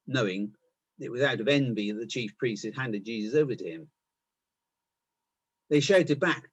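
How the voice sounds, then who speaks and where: Husky guy reading a bible passage, lively up and down delivery. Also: medium pitch, normal speed. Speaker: scripture reader.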